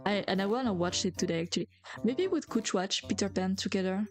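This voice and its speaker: A woman's voice: medium pitch, fairly quick, faint music behind. A young adult woman, a native French speaker, chatting casually on a stream, rambling with lots of filler words and giggles. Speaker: VTuber streamer.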